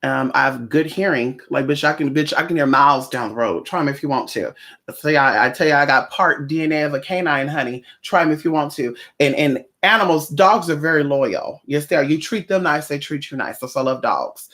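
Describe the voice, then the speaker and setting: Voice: mid-range voice, fairly quick, a bit bright. A livestream host chatting casually with viewers in a sassy, profane way, calling them honey.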